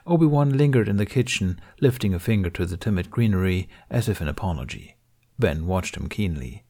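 A man reading fan fiction aloud in a measured, even storytelling manner. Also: deep voice. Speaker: reader. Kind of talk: scripted fan fiction narration.

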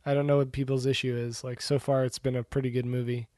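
A man co-hosting a casual podcast, rambling in a relaxed way with many fillers. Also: mid-range voice, fast, dry recording, clean studio sound. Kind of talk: casual chat about movies and shows.

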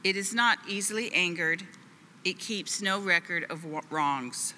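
A woman reading scripture aloud in a measured, deliberate way. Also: lowish voice, bright, forceful tone, big-room sound, a little hiss or hum.

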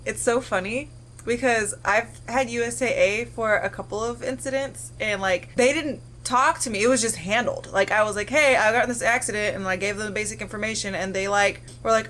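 A woman's voice: mid-range voice, fairly even intonation, brisk, fairly bright tone, slight background noise. A woman co-hosting a casual podcast, telling a story in a chatty, easygoing way. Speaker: podcast co-host.

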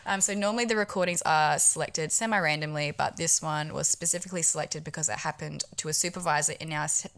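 A young woman co-hosting a casual chat, telling a story in a lively way and laughing often. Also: deep voice, fast, vocal fry, hardly any pauses. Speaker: guest co-host.

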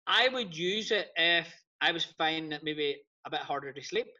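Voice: medium pitch, lively intonation, moderate pace, pushed and bright, recorded from a distance. A podcast co-host in casual chat, chatty and encouraging the others to talk. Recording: dull lo-fi podcast audio.

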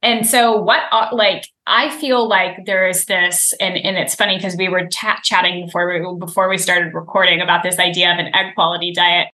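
A woman's voice: mid-range voice, sharp tone. A woman hosting a podcast interview, asking thoughtful, probing questions. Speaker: podcast host. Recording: echoey room.

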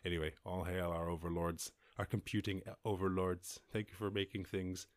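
A man's voice: deep voice, flat delivery, moderate pace, dry recording. An Irish man hosting a solo podcast, rambling and swearing with frequent laughs and restarts. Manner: rambling, profane, laughing, self-interrupting. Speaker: podcast host. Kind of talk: solo podcast rant over news headlines.

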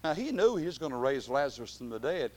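A man preaching a sermon, dropping to quiet, drawn-out phrases and then rising to loud shouted climaxes. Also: mid-range voice, very animated.

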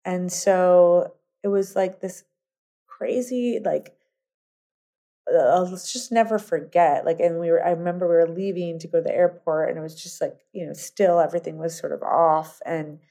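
A middle-aged woman entrepreneur telling long stories in a casual interview, rambling and animated, full of fillers and restarts. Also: lowish voice, normal speed. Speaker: guest entrepreneur.

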